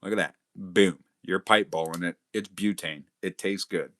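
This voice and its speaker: A man's voice: sits low, normal speed, background noise. A middle-aged man hosting a livestream, chatting casually, reading comments aloud, and swearing constantly as he boasts and rants. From Canada. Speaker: livestream host.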